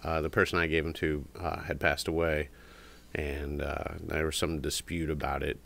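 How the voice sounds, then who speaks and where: Man, very low voice, co-host, rambling anecdotes, casual shop chat. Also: little pitch movement, moderate pace, gravelly, a bit bright. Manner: rambling storyteller, mimics a parrot's squawk. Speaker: podcast co-host. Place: cigar shop.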